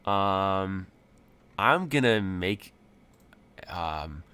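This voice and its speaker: A man runs a tabletop game, narrating in a somewhat low voice. He wanders through his descriptions, full of fillers and restarts. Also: expressive, extremely slow, sharp tone, clean tone. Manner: rambling, many fillers. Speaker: game master.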